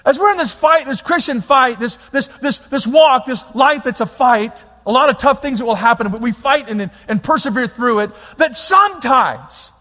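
A man preaching a sermon, animated, swinging between loud bursts and quiet, near-whispered lines. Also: very high voice, normal speed, few pauses, in a large hall. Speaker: pastor.

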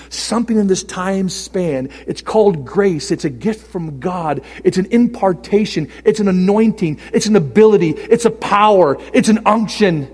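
A pastor preaching with big swings between loud exclamations and near-whispers. His voice sits high and a little breathy. It rings out through a large reverberant hall. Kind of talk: sermon.

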